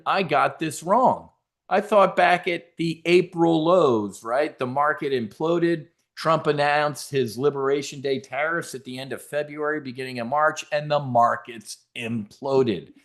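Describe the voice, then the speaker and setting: Man, trading seminar host, brash, casual, swearing, jokey, stammering restarts. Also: mid-range voice.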